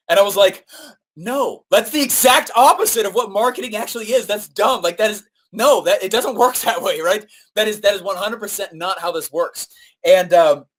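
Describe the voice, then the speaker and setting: A man coaching on marketing in a live-streamed talk, telling a story with lots of fillers, "right?" tags and acted-out quotes. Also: a little high. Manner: animated storytelling, acts out quoted voices; frequent fillers and "right?" tag questions.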